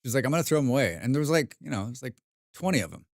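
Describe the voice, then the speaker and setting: A man's voice: mid-range voice, sing-song, racing, gravelly, no room sound, studio quality. An American man chatting casually while streaming a game, rambling and swearing with self-mocking asides. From United States.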